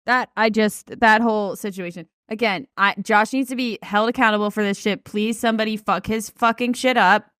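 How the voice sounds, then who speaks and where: A woman co-hosting a comedy podcast, chatting casually in a blunt, excitable and profane way. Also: medium pitch, normal speed, hardly any pauses, smooth, dry recording, studio quality. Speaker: podcast co-host.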